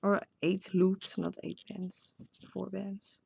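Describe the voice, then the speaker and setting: A Dutch-accented woman walks viewers through a craft tutorial at an unhurried pace, chatting to herself as she works. Her voice is husky with a gravelly edge and a mellow, darker tone. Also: mid-range voice, flat delivery, no room sound. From Netherlands. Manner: chatty, self-talking while working. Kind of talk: casual step-by-step tutorial.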